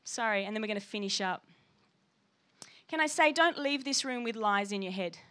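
A woman's voice: medium pitch, lively intonation, moderate pace, fairly bright tone. A woman pastor preaching a sermon with passion and emphasis, reading scripture aloud.

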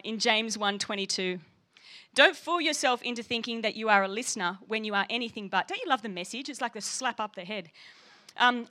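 A woman's voice: a little high, pushed and bright. A woman pastor preaching a sermon with passion and emphasis, reading scripture aloud.

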